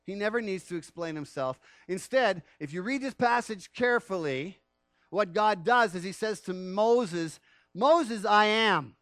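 A man preaching a sermon as pastor, animated and acting out the quoted voices, often laughing and swinging from loud emphasis to hushed asides. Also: high voice, moderate pace, no echo, faint music behind. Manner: animated, rises loud on key phrases and drops to near-whispers; acts out quoted speech of Moses and God.

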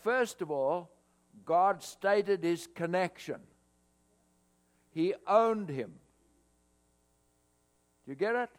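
Slow-speaking preacher man, higher voice. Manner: expressive preaching, rising loud on scripture quotes. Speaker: pastor. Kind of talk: sermon. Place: church hall, cold morning. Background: mains hum.

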